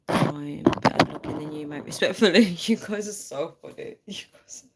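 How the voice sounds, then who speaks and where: A woman's voice: sits low, normal speed, vocal fry, a little hiss or hum. A young woman chatting casually to viewers on a phone livestream, laughing often and thanking them.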